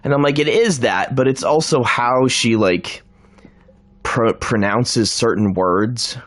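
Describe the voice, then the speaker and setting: A man's voice: mid-range voice, slow pace, fairly bright tone. A man from Canada chatting casually while he plays a video game, rambling, laughing often and slipping into impressions. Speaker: streamer playing a video game. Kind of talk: casual chat while gaming.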